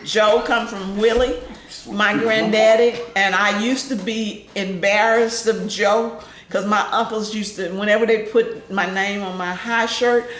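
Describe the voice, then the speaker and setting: An older woman animatedly telling a family story in an interview, laughing often and acting out the voices of people in it. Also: unhurried. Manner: lively, laughing, acts out voices in high shouts. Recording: echoey room with faint noise.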